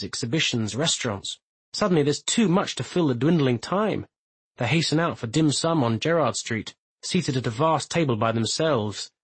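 A man narrates a literary novel in a measured, even reading. His voice is husky and sits at a middle pitch. The sound is close and dry. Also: no room sound, poor audio. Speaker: audiobook narrator. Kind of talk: scripted narration.

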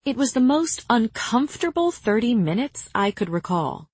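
A woman narrating a first-person novel in an unhurried, expressive storytelling manner. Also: on the high side, breathy edge, dry recording. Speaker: audiobook narrator.

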